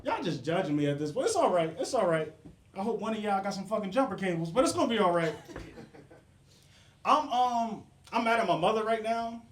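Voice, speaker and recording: Young guy doing crowd work at a comedy club, cussing and cracking himself up, high voice, echoey room. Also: a little hiss or hum. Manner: profane, riffing, laughing at his own jokes. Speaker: stand-up comedian. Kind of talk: stand-up set with crowd work. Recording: roomy club sound.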